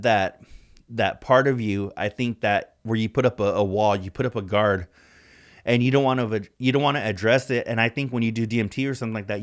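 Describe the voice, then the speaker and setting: A man co-hosting a podcast in casual chat, rambling and swearing, with "like" in nearly every sentence. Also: fairly low pitch. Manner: rambling, profane, heavy use of "like". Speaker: podcast co-host.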